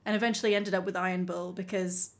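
A woman telling a story in casual chat as a podcast co-host, animated and laughing often. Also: lowish voice, fast talker. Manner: animated, laughing often, acting out quoted lines.

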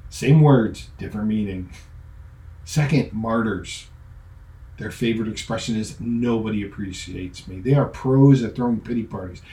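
Joking pastor preaching in an echoey hall. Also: male voice, lowish voice, moderate pace, mellow. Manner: joking, conversational preaching with quoted voices. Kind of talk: sermon.

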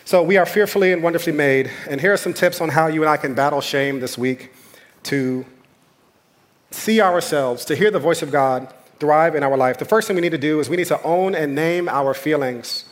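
A man's voice: a little high, moderate pace. Man preaching with passionate repetition. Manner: conversational, impassioned preaching with repeated phrases. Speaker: pastor. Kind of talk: sermon.

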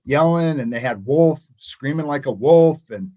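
A man's voice: on the high side, lively intonation, measured pace, warm tone. A man in his sixties, a guest in an interview, telling stories in a rambling way and often restarting his sentences. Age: 60s. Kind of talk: casual interview storytelling.

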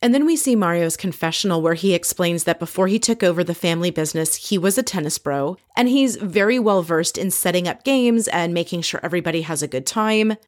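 A woman hosting a casual recap, telling the story in a chatty, animated way with frequent asides. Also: lowish voice. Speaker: podcast host recapping a reality show.

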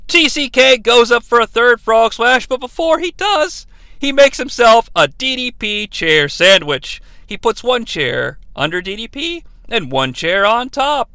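A man's voice: high-pitched, very animated, a little slow, sharp tone, clear, resonant tone, no echo. A man hosting a podcast, giving a theatrical, mock-dramatic play-by-play recap. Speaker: podcast host.

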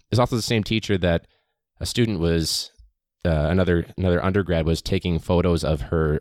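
A man's voice: low-pitched, darkish tone, dry recording, clean studio sound. A man, a teacher, hosting his podcast in a casual, rambling monologue full of fillers. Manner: chatty, rambling, many fillers.

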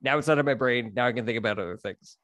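A man on a podcast, chatting casually and telling stories in an animated way, jumping into quick voices. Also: medium pitch, no echo. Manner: animated storyteller, acts out quick voices in his anecdotes. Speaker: podcast guest, comedian. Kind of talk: casual chat.

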